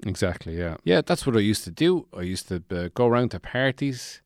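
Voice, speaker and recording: A man's voice: fairly low pitch, very animated, a little fast, a little mellow, dry recording, studio quality. A man voicing a deluded, gloomy man who lives in a shed, rambling in a meandering, self-pitying yet chirpy way.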